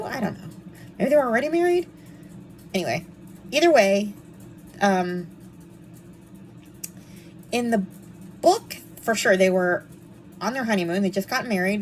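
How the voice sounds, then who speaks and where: A woman's voice: mid-range voice, expressive, normal speed, long pauses, a little hiss or hum, low-quality recording. A young woman chatting casually and with snark as she reviews a book series, with frequent ums and asides.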